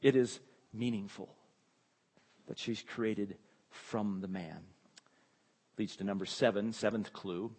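A man's voice: fairly low pitch, steady tone, slow, pauses often, darkish tone, husky, big-room sound. A man preaching an expository sermon, emphatic and repeating key phrases, his voice rising when he exclaims.

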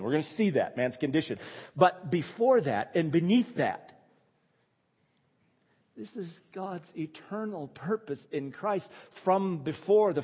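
Man preaching, higher-pitched, slightly husky voice, long reverb of a church hall. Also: a little mellow. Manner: emphatic, repeats phrases for stress. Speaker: pastor. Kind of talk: sermon.

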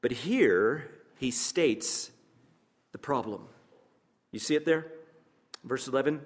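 Pastor, male, mid-pitched, deliberate emphatic sermon delivery, reverberant church sanctuary. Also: lively intonation. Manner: measured, emphatic preaching with pauses and asides to the congregation.

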